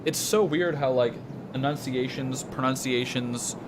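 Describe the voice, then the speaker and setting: A man's voice: medium pitch, unhurried. Casting note: young Canadian guy, rambling gamer chat, noisy stream audio. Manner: rambling, chatty, swears freely. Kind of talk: casual gaming stream chat.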